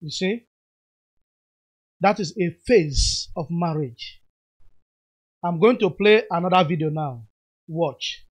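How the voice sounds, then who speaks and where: Higher-voiced man commenting. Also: husky. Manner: unhurried, explanatory, moralizing asides. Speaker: commentary vlogger. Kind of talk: casual commentary over video clips.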